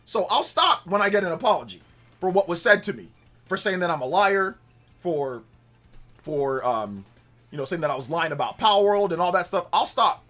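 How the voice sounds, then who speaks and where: A man's voice: high voice, sing-song, normal speed, fairly bright tone, soft background music. A man hosting a casual gaming livestream, rambling in repeated phrases and defiant at times. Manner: repetitive, heated, defiant rambling. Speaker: livestream host.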